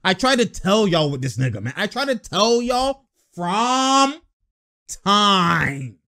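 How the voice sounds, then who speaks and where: A man with a high voice reacts to a basketball game in loose, slangy chat. He laughs a lot, shouts at the plays, then rants at length about a player. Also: slow, vocal fry. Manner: excitable, slangy, laughs often, yells at plays. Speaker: sports reaction vlogger. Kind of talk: casual live game reaction and rant.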